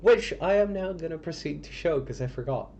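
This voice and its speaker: A man narrating a tabletop game as game master, describing scenes in a halting, descriptive way. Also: a little high, lively intonation, creaky, darkish tone. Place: home streaming setup.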